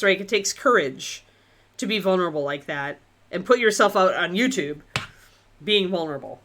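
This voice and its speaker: A woman's voice: on the low side, pushed and bright. A woman hosting a live-streamed miniature painting lesson, chatting informally and thinking aloud as she paints.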